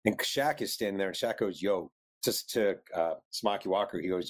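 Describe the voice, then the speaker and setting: A man's voice: lowish voice, fairly quick. A man, an author guest, telling a story in an interview and acting out the quotes.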